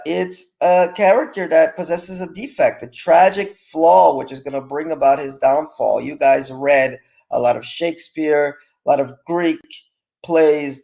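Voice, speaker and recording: A male teacher reviewing vocabulary for an online class, stressing each term loudly and explaining it over a video call. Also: a little high, gravelly. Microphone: computer mic on a video call with screen sharing.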